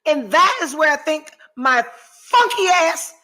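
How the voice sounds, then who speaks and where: High-voiced, dramatic woman podcast host. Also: big pitch swings, a little slow, sharp tone, poor audio. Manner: dramatic, swings between mock despair and laughter. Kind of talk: candid, profane casual chat reading viewer comments.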